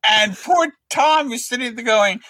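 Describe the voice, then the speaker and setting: A man's voice: very high-pitched, a little slow, no room sound. Middle-aged comic writer guy telling stories, does everyone's voices, super dry close sound. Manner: lively storyteller who acts out other people's lines. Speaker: guest, comic book writer. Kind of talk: animated anecdote telling.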